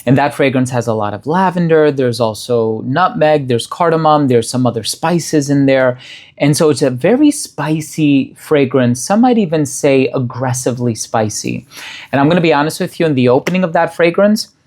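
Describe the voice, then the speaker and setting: A man talks through a fragrance review in a casual, unhurried way. He lists the scent notes one by one and sounds appreciative. His voice sits at an ordinary middle pitch for a man. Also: animated, darkish tone. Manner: descriptive, listing scent notes in a measured, appreciative way.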